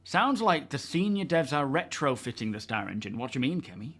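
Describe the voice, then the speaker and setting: A man's voice: medium pitch, very animated, a little fast, fairly bright tone. A man from England hosting a casual live stream, chatting loosely and answering viewers by name. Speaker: livestream host.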